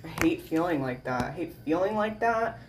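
A woman's voice: lowish voice, animated, normal speed, slight background noise. A tired, sleep-deprived woman with a nasal voice, talking in a rambling casual vlog, full of "like" and "you know" and freely swearing. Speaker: vlogger.

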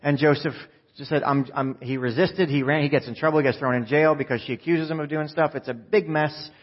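Man, pastor, sermon storytelling, slightly high voice, muffled recording. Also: fairly quick. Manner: storytelling with quoted voices, lively asides to the congregation.

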